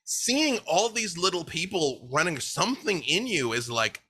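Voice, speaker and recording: A man narrating a tabletop game as dungeon master, animated and often laughing. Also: high voice, breathy edge. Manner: animated, laughing, quick asides.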